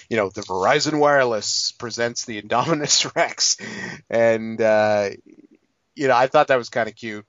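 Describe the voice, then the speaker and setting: A man's voice: on the low side, a bit bright, muffled recording. A man in his late twenties giving a rambling, profane, casual movie review, full of fillers. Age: 20s. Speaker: film reviewer.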